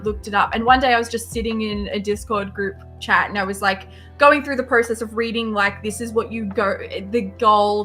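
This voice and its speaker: A woman co-host telling a story in casual chat, lively and swearing. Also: mid-range voice.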